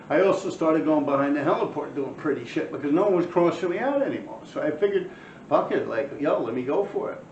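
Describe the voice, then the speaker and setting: A man's voice: fairly high pitch, vocal fry, darkish tone, slight background noise. A middle-aged man, telling profane street stories to a camera in casual storytelling. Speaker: former graffiti writer telling stories. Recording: echoey room, slightly dull sound.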